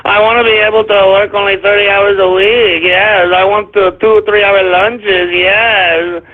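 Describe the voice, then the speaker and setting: A man's voice: high voice, flat delivery, a little slow. A complacent, whining French citizen, played for mockery by a man. The delivery is drawn out and slightly distant. The audio is narrow and tinny, like a phone line. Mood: whiny. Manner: mocking, whiny.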